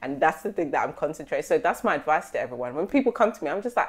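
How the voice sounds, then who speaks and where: A young woman, co-hosting a casual podcast chat, animated and slangy, acting out conversations. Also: sits low, rapid-fire. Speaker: podcast co-host.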